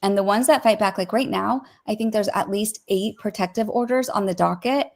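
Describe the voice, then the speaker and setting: A woman's voice: medium pitch, gravelly. Opinionated woman talking with lots of "like". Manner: opinionated, heavy use of "like", rapid asides. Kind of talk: casual commentary chat.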